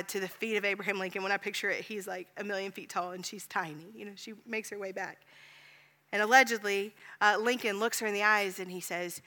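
A woman pastor telling a story in a sermon, earnest, dropping to a hush at tender moments. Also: medium pitch. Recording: long hall reverb.

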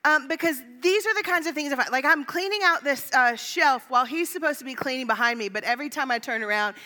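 A woman's voice: sits high, quick pace, sharp tone. A woman pastor in her thirties telling funny personal stories in a sermon, chatty and self-mocking with lots of fillers.

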